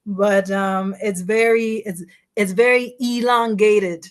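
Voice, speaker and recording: A woman's voice: medium pitch, fairly even intonation, slow pace, clear, resonant tone. A woman from the Bahamas in casual conversation, her Bahamian accent faint and mostly American-sounding, talking at length with frequent restarts. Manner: talkative, many restarts, breaks into bits of song and accents. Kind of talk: casual chat.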